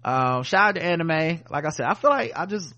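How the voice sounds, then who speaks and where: A man co-hosting a podcast, casually recapping a TV episode in a laid-back, profane and animated way. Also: fairly high pitch, fairly quick. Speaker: podcast co-host.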